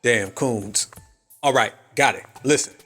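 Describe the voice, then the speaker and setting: A man's voice: medium pitch, measured pace, a bit bright, breathy edge, soft background music. A man hosting a live commentary stream, brash and heavily profane, laughing at his own jokes. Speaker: livestream commentary host.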